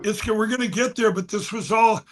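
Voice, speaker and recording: A man telling a story as a guest, restless and quick, restarting sentences and swinging between loud and soft. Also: high voice. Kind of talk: excited conversational storytelling.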